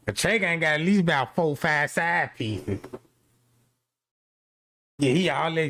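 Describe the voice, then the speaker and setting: A high-pitched man spins a long, profane comic tale about his job. He rambles and restarts, packs his talk with slang and fillers, and keeps his delivery lively. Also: unhurried, long pauses. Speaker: comic storyteller.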